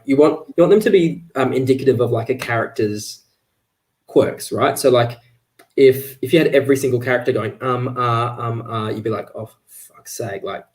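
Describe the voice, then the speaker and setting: A man's voice: medium pitch, darkish tone. A man talking casually as an author guest on a livestream, chatty, with many fillers and restarts, over a video call.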